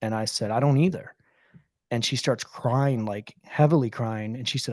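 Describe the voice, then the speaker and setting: A man's voice: medium pitch, normal speed, darkish tone, no room sound. Candid man telling a story, dry close mic. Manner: candid, conversational, peppered with "dude". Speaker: podcast co-host. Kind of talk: casual storytelling.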